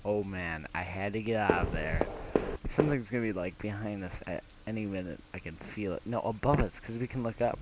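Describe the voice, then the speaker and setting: A man's voice: on the low side, brisk, very noisy. A young man playing a horror game, reading its text aloud and reacting with nervous laughs and whispers. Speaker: gameplay commentator. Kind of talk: casual let's-play commentary, reading game text aloud. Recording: rain and thunder from the game behind. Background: loud rain and thunderstorm game sounds.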